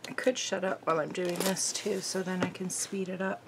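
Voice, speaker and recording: A woman hosting a crafting video, chatting casually and thinking aloud, bubbly and easily excited. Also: fairly low pitch, a little fast, noisy background.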